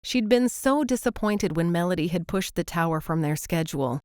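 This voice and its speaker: A woman's voice: lowish voice, animated, normal speed, darkish tone, no room sound, studio quality. Woman narrating a romance audiobook.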